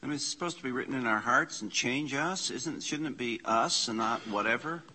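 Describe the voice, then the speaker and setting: A man leading an informal church class, slowly reading out Greek scripture and explaining the grammar with casual asides. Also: mid-range voice, sharp tone, a little hiss or hum. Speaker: Bible study teacher. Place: church meeting room.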